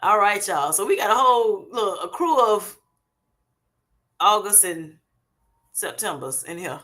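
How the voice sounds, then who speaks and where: A woman's voice: medium pitch, expressive, unhurried, bright, forceful tone. A middle-aged woman chatting casually with viewers on a livestream, laughing often and calling them honey and y'all. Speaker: livestream host. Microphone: streaming setup.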